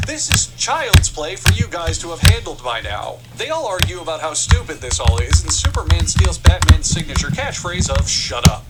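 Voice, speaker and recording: A young man with a high, very animated voice delivers a sarcastic, swearing-laden comic book review. His pitch leaps around for comic effect, and loud music plays behind him. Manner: sarcastic and profane, with big pitch jumps. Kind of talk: sarcastic comedic commentary.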